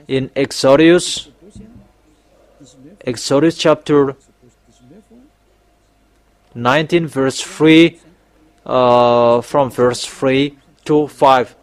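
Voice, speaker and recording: A male preacher giving a sermon in non-native English, emphatic and repetitive, with sudden raised bursts. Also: mid-range voice. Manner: speaks English as a second language, with non-native grammar.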